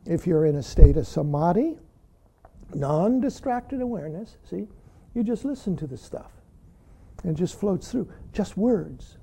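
Mellow-voiced Zen teacher, very animated. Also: male voice, high-pitched, a little slow, vocal fry, slight background noise. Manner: emphatic, keeps saying "see", chuckles often. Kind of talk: dharma talk to students.

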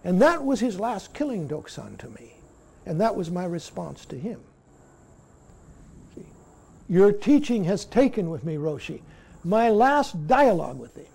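A man giving a Zen dharma talk as the teacher, halting and dropping "see?" after many points. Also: high voice, big pitch swings, creaky, a little mellow, husky.

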